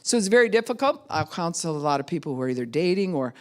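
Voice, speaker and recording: A woman pastor teaching a class in a conversational way, acting out other people's words in quick voices. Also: lowish voice, big pitch swings. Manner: conversational, with frequent "you know" and "right?".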